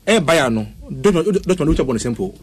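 A man in a casual football discussion, cutting in quickly and switching between English and another language. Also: a little high, big pitch swings, slightly rough, no echo. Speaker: football pundit.

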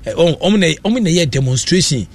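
A man's voice: fairly high pitch, expressive, brisk. A Ghanaian man hosting a radio show, giving rambling casual commentary that mixes Akan and English.

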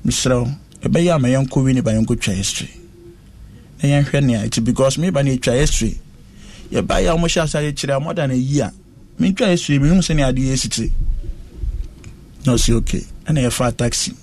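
A man sits for an interview and recounts a hard personal ordeal. He tells it slowly and earnestly at a middle pitch. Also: a little mellow. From West Africa.

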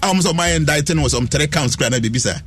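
A man's voice: a little high, racing, a bit bright, husky, faint music behind. A man with a Ghanaian accent telling stories on a radio talk show, mixing Twi and English animatedly. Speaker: astrologer guest.

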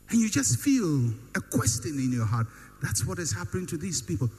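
A man's voice: medium pitch, animated, moderate pace, darkish tone. A man preaching a sermon, with emphatic, repetitive build-ups and rhetorical questions. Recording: long hall reverb with faint hum.

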